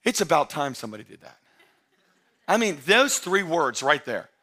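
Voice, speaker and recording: A man preaching a sermon as pastor, talking straight to his church in a conversational way and often rising to emphatic, shouted excitement. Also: a little high, moderate pace. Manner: conversational, addresses the congregation directly.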